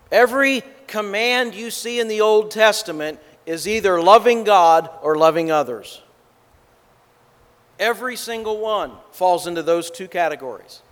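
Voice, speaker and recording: A man preaching a sermon with a measured, emphatic delivery. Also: high-pitched, a bit bright, in a large hall.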